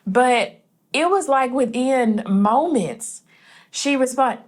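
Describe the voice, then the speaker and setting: A woman hosting a casual conversation with a brisk, chatty delivery, quoting others in a softer voice. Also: high voice, expressive. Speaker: host, brand designer.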